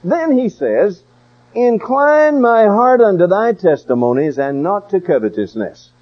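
A man's voice: high voice, lively intonation, measured pace, highs cut off. An older man preaching a sermon in a folksy, emphatic way, with storytelling asides.

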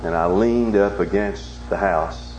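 A male preacher giving a sermon, swinging from low hushed tones to loud, emphatic challenges with repeated rhetorical questions. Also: takes it slowly. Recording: echoey, dull recording with faint hum.

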